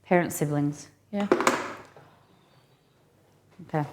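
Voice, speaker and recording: A woman's voice: deep voice, takes it slowly, heavy background noise. A woman hosting a casual live cooking stream, chatting and thinking aloud with rambling asides as she works in a kitchen.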